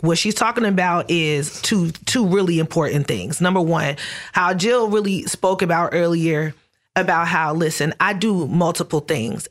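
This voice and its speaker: A woman co-hosting a podcast, who lays out her points emphatically in casual chat. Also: low-pitched. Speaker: podcast co-host.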